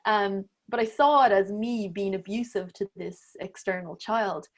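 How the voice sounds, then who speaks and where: A woman's voice: mid-range voice, a little slow. Candid woman telling a vivid story. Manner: animated, acts out her own inner voices with laughs and swearing. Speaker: podcast guest, breathwork teacher. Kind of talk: candid storytelling in a casual interview.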